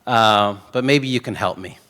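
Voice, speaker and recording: A middle-aged man telling stories from a conference stage, joking and rambling as he goes. His voice sits fairly low, with a bright, forceful edge. The sound rings with the long reverb of a large hall. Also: normal speed, clear, resonant tone. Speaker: keynote speaker. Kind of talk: conference keynote talk.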